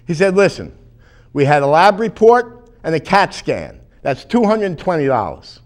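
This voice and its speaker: A man performs a stand-up routine, telling chatty stories that land on deadpan punchlines. His voice sits high and swings widely in pitch. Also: normal speed, slight background noise. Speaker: stand-up comedian.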